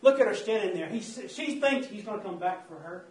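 A man with a high, expressive voice preaches a little fast in a church, delivering a fervent, repetitive sermon and calling out "saints of God" to the congregation. The recording is distant, capturing the roomy church.

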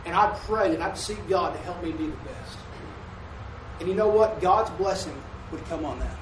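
A man's voice: high voice, moderate pace, background noise. A man preaching a folksy sermon with call-and-response, recorded in a church sanctuary from a distant mic. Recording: echoey room from a distant mic.

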